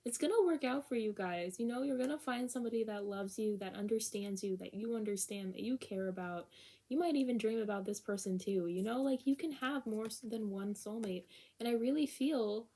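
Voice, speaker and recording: A woman's voice: a little high, brisk, warm tone, breathy edge. A young woman giving a casual tarot reading, candid and exasperated, laughing often and swearing freely. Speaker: tarot reader.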